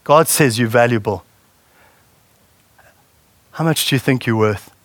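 A man's voice: medium pitch, a little slow, no room sound. A man preaching a sermon in a conversational way and putting questions to the congregation. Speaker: pastor.

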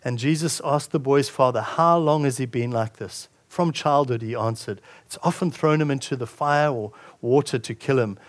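A man's voice: mid-range voice, normal speed, few pauses. A male pastor preaching a sermon, reading scripture aloud and commenting on it with frequent restarts.

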